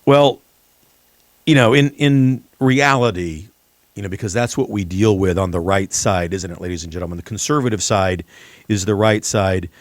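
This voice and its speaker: A man's voice: deep voice, moderate pace, no echo. A man hosting a political commentary show, talking emphatically and addressing the audience directly. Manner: emphatic, repeatedly addresses "ladies and gentlemen". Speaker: talk show host.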